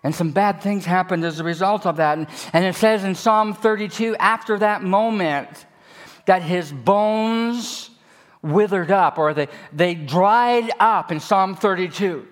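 A male pastor preaching a sermon, telling stories in an animated way that swings between loud and hushed. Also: high-pitched, measured pace.

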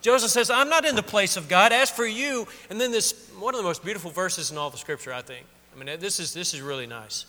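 High bright-voiced preacher in a hall. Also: male voice, a little fast, few pauses. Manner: conversational, acts out quotes with rising emotion. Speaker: pastor. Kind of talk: sermon.

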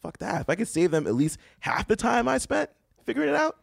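A man from Boston, a guest on a podcast, telling stories in a quick casual way with lots of laughs. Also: high-pitched, big pitch swings, creaky, no echo, studio quality. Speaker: guest, professional wingman.

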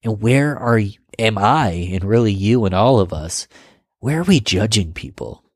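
A man from upstate New York with a deep, low voice and a Western New York accent talks casually to the camera. He muses aloud and keeps turning questions back to the listener. The recording is dry, with no room sound. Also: animated, moderate pace, no room sound. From Rochester, New York. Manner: musing, asks the listener questions. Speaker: vlogger.

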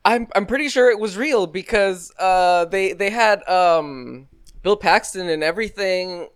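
High, clear-voiced man telling a story. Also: unhurried, dry recording, clean studio sound. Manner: animated storyteller, acts out quotes with laughs. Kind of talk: casual chat.

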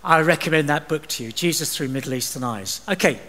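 A man's voice: a little high, a little fast, bright, forceful tone. An English man preaching a sermon, reading scripture with chatty, joking asides. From England. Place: church. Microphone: livestream recording. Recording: long church reverb.

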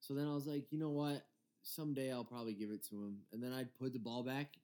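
A man's voice: mid-range voice, fairly even intonation, quick pace, darkish tone. A young man in his twenties from Michigan, co-hosting a casual podcast and telling a story with lots of laughter and swearing. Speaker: podcast co-host.

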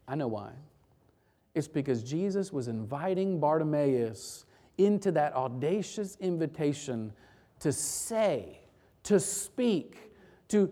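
Dynamic preacher delivering a sermon. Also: mid-range voice. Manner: dynamic, swinging between loud emphatic bursts and quiet hushed passages. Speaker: pastor.

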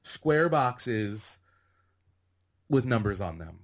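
A middle-aged man from Northern California, a podcast guest telling animated stories and saying "like" constantly. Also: fairly low pitch, drawn-out words. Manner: animated anecdotes, heavy use of "like". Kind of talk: casual storytelling interview.

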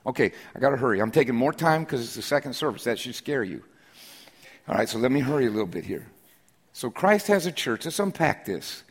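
A middle-aged man preaching a sermon to his congregation, shifting from a relaxed, joking story to emphatic, repeated declarations. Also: mid-range voice, fairly quick, husky. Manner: conversational storytelling with humor, rising to emphatic declarations. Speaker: pastor. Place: church sanctuary during a service.

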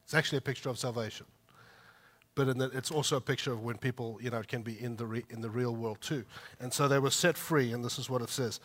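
A man delivers a heartfelt sermon in a bright, forceful voice. He talks in a conversational way, rising to loud, emphatic peaks and then dropping back to quiet, tender asides. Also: medium pitch, moderate pace. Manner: conversational asides with light laughs. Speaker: pastor.

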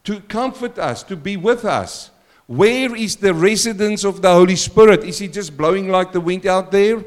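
Male pastor mid-sermon, higher-pitched, lively and questioning, booming then hushed. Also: moderate pace. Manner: animated preaching with questions to the congregation; swings between loud exclamations and quiet asides.

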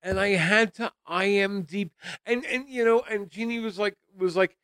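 A man's voice: high voice, moderate pace, a bit bright, clean tone. A man co-hosting a comedy movie-review podcast, emphatic and incredulous, swearing freely. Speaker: podcast co-host.

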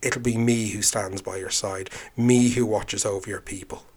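A man's voice: lowish voice, steady tone, normal speed, a little mellow, slight background noise, lightly acted. A man voicing a bold young boy hero who speaks earnestly and makes a firm vow. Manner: earnest, vowing, insistent.

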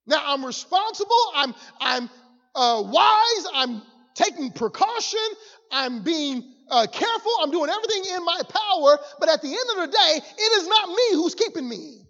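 A woman preaching a fervent, repetitive sermon that swings from quiet talk to shouting. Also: very high voice, big pitch swings, moderate pace. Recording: dull lo-fi with long hall reverb.

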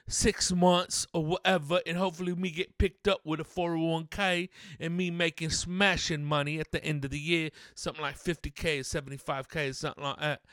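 A man's voice: a little high, level tone, a little fast, few pauses, a bit bright, no room sound, studio quality, close to an everyday voice. A man hosting a podcast who puts on a fake British accent and rants angrily in slang, swearing a lot. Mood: irritated rant. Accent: put-on British. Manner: angry, rambling rant. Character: man in a mock British persona, irritable and ranting. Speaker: podcast host. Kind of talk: solo podcast monologue.

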